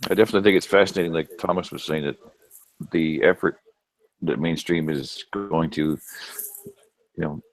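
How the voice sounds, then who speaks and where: A man's voice: a bass voice, normal speed, pauses often, rough recording. A man on an online panel, talking in an easygoing, agreeable way. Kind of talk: casual group chat.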